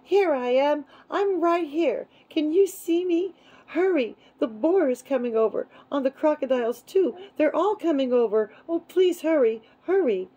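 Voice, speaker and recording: A woman voicing a frantic young male baby dragon who yells and pleads in a high voice. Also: animated, unhurried. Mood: frantic pleading.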